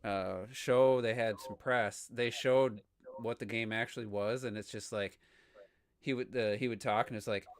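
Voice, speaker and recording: A man's voice: fairly low pitch, fairly even intonation, moderate pace, a little hiss or hum. Chatty man on a podcast. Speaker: podcast co-host. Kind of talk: casual chat.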